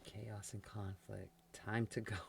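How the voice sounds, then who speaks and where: A woman giving a casual tarot reading, chatty and quick to laugh, talking straight to the sign she reads for. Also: extremely low pitch, little pitch movement, vocal fry, heavy background noise. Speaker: tarot reader.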